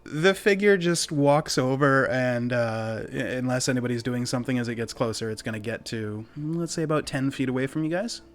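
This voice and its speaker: A man running a tabletop game as game master, narrating scenes in a relaxed, descriptive way with casual fillers. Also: mid-range voice, moderate pace, hardly any pauses.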